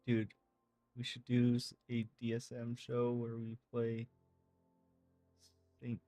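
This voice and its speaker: A man's voice: mid-range voice, mellow, dry recording. Man reading game messages, dry sound. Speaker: gaming streamer.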